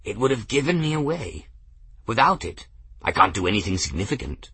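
A man voicing a mild, apologetic gentleman mage who speaks calmly, in a storybook reading. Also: on the low side, fairly quick, husky, no echo, exaggerated voice. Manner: apologetic, calm.

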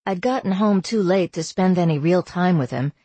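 A woman narrating a first-person novel as an audiobook, in a measured, wry storytelling manner. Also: on the low side, mellow, slightly rough, no echo.

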